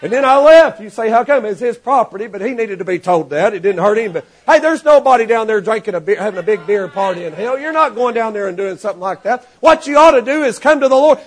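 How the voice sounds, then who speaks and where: A man preaching a sermon to his congregation, animated and rising to shouts, acting out the people in his stories. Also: high voice, quick pace, few pauses. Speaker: pastor.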